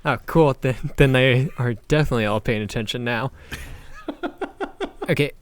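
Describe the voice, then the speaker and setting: A man's voice: mid-range voice, unhurried, no echo. Brash man playing a tabletop game. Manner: brash, shouting in-character speeches. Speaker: tabletop player.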